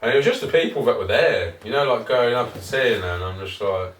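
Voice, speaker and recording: On a podcast, a male co-host tells rambling, sweary stories in casual conversation and laughs a lot. His medium-pitched voice is animated and quick, and the roomy, distant mic picks up faint noise.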